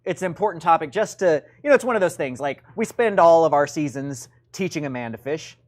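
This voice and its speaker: Man, show host, lively swooping pitch, casual teaching chat, jokey, filler-heavy. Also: brisk. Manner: animated, joking, lots of fillers. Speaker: real estate investing show host.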